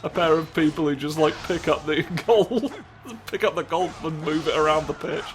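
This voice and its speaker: Loud game music and background noise accompany a man's rambling, absurd let's play commentary, full of swearing and sudden goofy voices. He talks at a moderate pace with a fairly high pitch.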